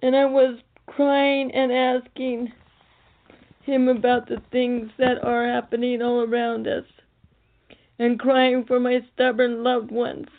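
A woman's voice: fairly high pitch, little pitch movement, slow pace. A woman relaying a prophetic message in an earnest, tearful, pleading way. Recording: tinny phone-like recording.

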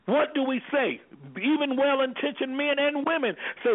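A man's voice: extremely high pitch, normal speed, few pauses. A man, an anger management specialist, speaking with preacherly emphasis as a guest on a call-in radio show over the phone. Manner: preacherly, emphatic, acts out quoted voices. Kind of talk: impassioned call-in radio talk. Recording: phone-line audio.

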